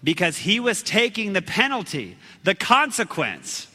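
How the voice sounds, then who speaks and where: Male preacher, high lively voice, animated storyteller, long hall reverb. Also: a little slow, husky. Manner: animated, dramatic storytelling with sudden shouts. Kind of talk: storytelling sermon.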